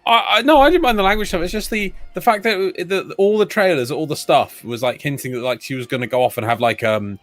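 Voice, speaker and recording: A man's voice: fairly high pitch, fast talker, hardly any pauses, fairly bright tone, no room sound, soft background music. A man chatting casually with friends, rambling animatedly through complaints. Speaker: player. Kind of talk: casual chat between friends.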